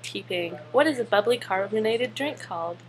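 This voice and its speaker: Young woman, giggly and casual, mid-pitched voice. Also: expressive, moderate pace, a crowd in the background. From Spartanburg, South Carolina. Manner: giggly, laughs between words. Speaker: vlogger. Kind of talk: casual chat reading a word list.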